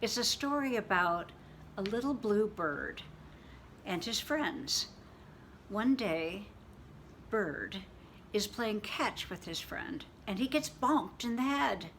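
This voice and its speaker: A woman reading a picture book aloud to children in an animated, expressive way, sometimes dropping to a whisper. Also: medium pitch, takes it slowly, a little hiss or hum. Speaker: children's storyteller.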